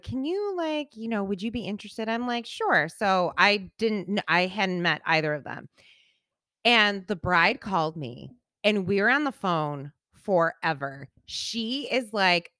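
A woman co-hosting a podcast, telling stories in an animated, laughing way. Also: on the low side, no room sound, clean studio sound. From United States. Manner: animated storyteller, laughs often. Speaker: podcast co-host. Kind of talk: casual chat.

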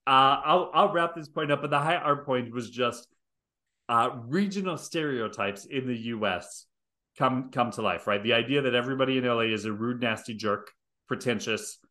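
A man's voice: medium pitch, pushed and bright. A man from the American Midwest with a Wisconsin accent, co-hosting a podcast and joking and teasing in casual chat. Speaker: podcast co-host.

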